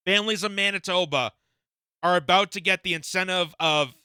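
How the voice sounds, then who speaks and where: A man's voice: sits high, moderate pace, sharp tone, clear, resonant tone, dry recording, studio quality. A man from Canada giving indignant reaction commentary, firing off rhetorical questions with frequent fillers. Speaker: political commentator.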